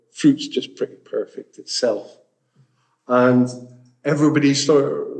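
A man's voice: mid-range voice, a little mellow, poor audio. A man giving an informal talk at a community education event, rambling with restarts and jokey asides.

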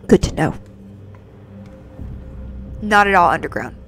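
Brief: jokey woman game streamer, lively pitch, faint game music underneath. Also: unhurried. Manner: jokey and playful, chatting to viewers. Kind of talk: casual live-stream commentary.

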